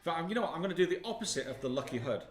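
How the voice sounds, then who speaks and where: A man's voice: fairly high pitch, lively intonation, very fast. Dry middle-aged man. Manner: dry, matter-of-fact teasing. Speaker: co-host, father of the other host. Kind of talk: casual chat. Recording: echoey room.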